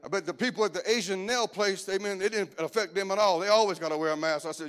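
A middle-aged male preacher delivers his sermon in a loose, lively way, slipping in jokes and stories as he goes. His voice sits notably high for a man. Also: fast. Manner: lively, joking storytelling preacher style.

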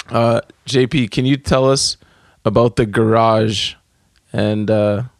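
A man's voice: on the low side, steady tone, takes it slowly, gravelly, no room sound, clean studio sound. A man hosting a podcast, chatting casually in a laid-back, teasing way. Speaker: podcast host.

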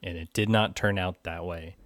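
A man's voice: low voice, fairly even intonation, moderate pace, a bit bright, no room sound, clean studio sound. A man co-hosting a casual film discussion, thoughtful and rambling with fillers. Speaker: film podcast co-host.

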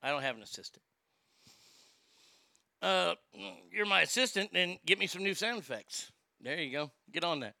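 A man's voice: sits high, animated, normal speed, creaky, pauses often, pushed and bright, no echo, clean studio sound. A man hosting a ranting commentary, sarcastic and incredulous, swearing freely. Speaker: commentary host.

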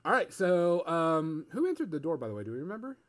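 A man narrating as game master of a tabletop game, relaxed and rambling. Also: on the high side, quick pace. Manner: relaxed, rambling with fillers and laughs.

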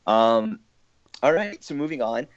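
A man's voice: medium pitch, sing-song, a little slow, smooth, no echo. Chatty male podcast host, dry lo-fi sound. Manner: chatty, laughs often, restarts phrases. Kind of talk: casual group discussion. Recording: dull, dry lo-fi audio.

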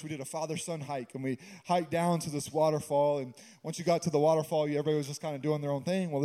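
Pastor, male, higher pitch, mellow tone, casual preaching with jokes. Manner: conversational preaching with humorous asides. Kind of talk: sermon.

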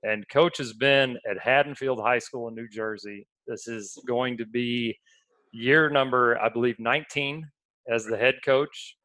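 A man's voice: medium pitch, fairly even intonation, measured pace, fairly bright tone, no room sound. A man co-hosting a podcast, telling stories in a casual, chatty way, often laughing. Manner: laughing, storytelling. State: under the weather. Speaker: podcast co-host. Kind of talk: casual chat.

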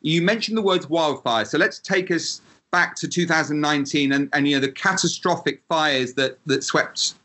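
Bright-voiced male podcast host. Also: on the high side. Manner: enthusiastic, long winding questions. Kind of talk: interview questions.

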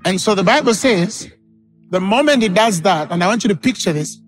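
A man's voice: high-pitched, expressive, a little fast, faint music behind. A man preaching a sermon as pastor, acting out the people in his stories. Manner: dramatic, acts out quoted voices.

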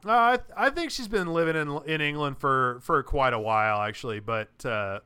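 A man's voice: fairly high pitch, moderate pace, bright, forceful tone, clean tone, no room sound. A man co-hosting a casual podcast chat, talking in a rambling way with many restarts. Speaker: podcast co-host.

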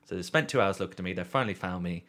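A man in a casual podcast chat, telling a long story with swearing and deadpan readings. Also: sits low, rapid-fire.

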